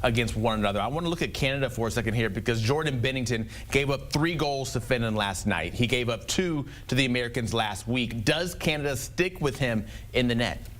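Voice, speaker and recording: A man's voice: mid-range voice, animated, a little fast, few pauses, fairly bright tone. A man hosting a sports talk show, chatty and jokey as he questions his guest.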